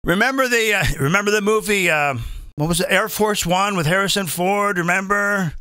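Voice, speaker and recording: A man's voice: high voice, moderate pace, pushed and bright, clean tone, no echo, studio quality. A male comedian hosting, delivering a profane, combative political rant and often asking the audience to agree. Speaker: comedian host.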